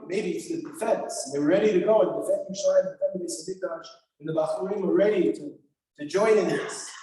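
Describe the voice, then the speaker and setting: Rabbi, male, earnest and emotional lecture on lament poems; soft, warm tone, picked up from far off in a reverberant sanctuary. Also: on the high side, slight background noise. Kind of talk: explaining liturgical lament poems. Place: synagogue sanctuary. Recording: very echoey hall from far off.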